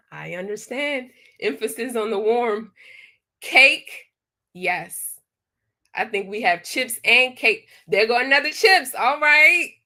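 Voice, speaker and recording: A woman's voice: mid-range voice, bright, forceful tone. A woman hosting a live online wellness workshop, chatty and encouraging as she reads out answers from the chat.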